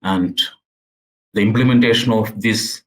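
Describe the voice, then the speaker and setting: Man, low voice, lecturing, halting with restarts, earnest. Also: rough recording. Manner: halting, with frequent restarts and repeated words; earnest and explanatory. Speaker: university lecturer. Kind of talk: academic lecture.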